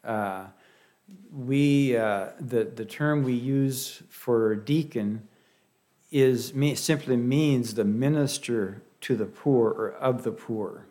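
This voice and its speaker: A man with a Pennsylvania Dutch accent preaches a sermon in a folksy, halting way. He often restarts his phrases and slips in light humor. His voice sits at an ordinary middle pitch. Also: warm tone. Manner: halting, with many restarts and fillers.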